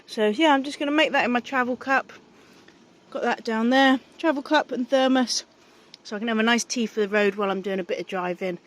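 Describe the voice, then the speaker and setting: A woman's voice: medium pitch, slight background noise. Chatty woman vlogging from a van. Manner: chatty, swears freely. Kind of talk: casual vlog chat. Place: inside her camper van.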